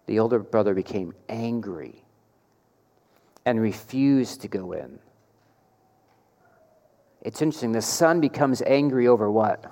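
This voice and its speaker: A man preaching a sermon, asking the congregation rhetorical questions and pressing his points with animated emphasis. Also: mid-range voice. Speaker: pastor. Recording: long hall reverb.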